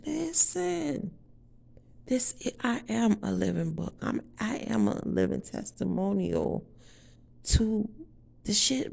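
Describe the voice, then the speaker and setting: A woman's voice: medium pitch, creaky, warm tone. A woman giving an emphatic, profane spiritual testimony straight to her viewers in a casual vlog.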